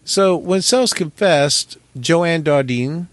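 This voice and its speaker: A man's voice: on the high side, slow, no room sound. A man co-hosting a casual true crime podcast, joking and telling stories. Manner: joking, animated storyteller. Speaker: podcast co-host.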